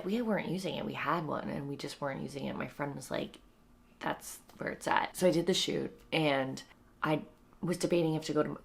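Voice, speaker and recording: A young woman, a comedian and new mom, chats casually at home in a vlog, her low voice marked by vocal fry. Sleep-deprived, she talks in a tired, wry way and sometimes drops to a whisper indoors.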